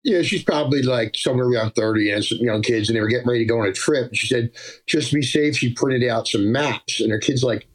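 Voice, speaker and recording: A man's voice: medium pitch, fast, poor audio. A man with a New Jersey accent, a musician guest on a remote call. He rambles in casual chat, pokes fun at himself and laughs often.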